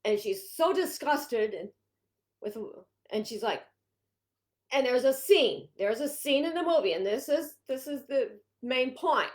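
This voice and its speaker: Chatty high-voiced woman vlogger. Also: expressive, a little slow. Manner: rambling, chatty, frequent restarts. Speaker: home organizing consultant. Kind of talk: casual vlog talk.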